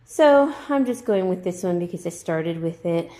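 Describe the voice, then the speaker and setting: A woman narrating her home painting job in a casual vlog, rambling with fillers and small laughs, hurried for time. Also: lowish voice, lively intonation, mellow. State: hurried, under time pressure. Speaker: DIY vlogger. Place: inside a house, on the stairs and landing.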